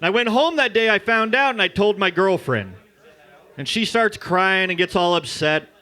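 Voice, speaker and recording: A man doing a crude, loud stand-up comedy set at an open mic in a bar. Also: high voice, expressive, normal speed. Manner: crude, loud, jokey storytelling. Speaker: stand-up comic.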